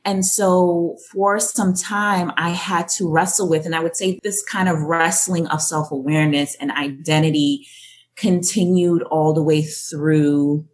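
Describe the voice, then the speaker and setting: A woman from Jamaica answers interview questions with thoughtful, measured storytelling. Her voice sits low in pitch and she takes her time. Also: steady tone, a little hiss or hum. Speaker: guest.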